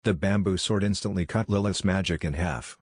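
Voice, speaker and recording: Man, comic recap narration, very low voice, dry close sound, steady storytelling. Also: a little fast, slightly rough, dry recording.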